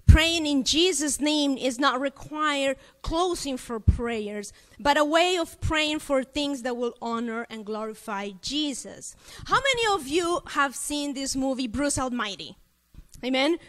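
A woman's voice: high-pitched, unhurried. A woman from Latin America preaching a sermon, telling a personal story and asking her listeners questions. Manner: animated storytelling, addresses audience with questions. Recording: long reverb of a hall.

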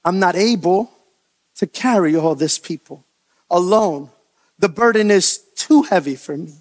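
A man preaching as pastor, animated, acting out the voices of the people he quotes. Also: high-pitched, unhurried. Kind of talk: sermon.

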